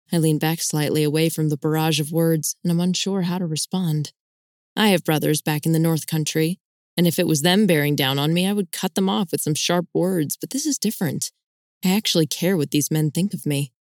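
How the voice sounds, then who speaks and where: A woman narrating a first-person novel at a measured, even pace. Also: low-pitched, dry recording, clean studio sound. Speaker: audiobook narrator.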